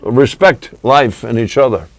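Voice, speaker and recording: Man, earnest guest poet, rambling, talks over the host, dry sound, middle pitch. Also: a little slow, no room sound, low-quality recording. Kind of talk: reciting a poem, then casual interview talk.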